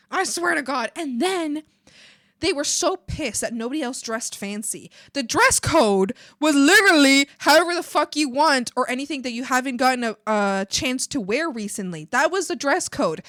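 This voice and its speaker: A woman streamer chatting casually while she draws, animated and swearing freely, breaking into laughs and shouts. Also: sits high, dry recording, studio quality.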